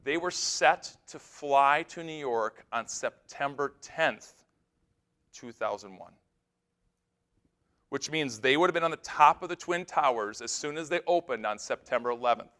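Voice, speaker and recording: A male pastor giving a keynote sermon on a conference stage, telling stories in an animated way that swings between loud bursts and hushed, serious moments. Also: mid-range voice, measured pace, pauses often.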